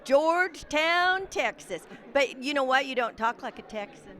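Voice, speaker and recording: Female emcee, 60s, playful and gushing, bright edge, slightly high voice. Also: fairly even intonation, fairly quick, some chatter behind. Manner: effusive, teasing emcee. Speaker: red carpet interviewer at a class reunion. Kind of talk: casual event interviews.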